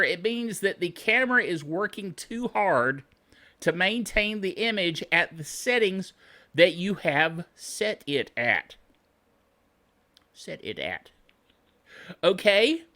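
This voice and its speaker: A man hosting a tech show, talking straight to camera in a lively, swooping voice with a bright, sharp edge. He gripes like a cheerful curmudgeon, chuckles a lot and keeps asking "okay?" between his tips. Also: high voice. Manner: griping, self-styled curmudgeon; chuckles often, tags lines with "okay?".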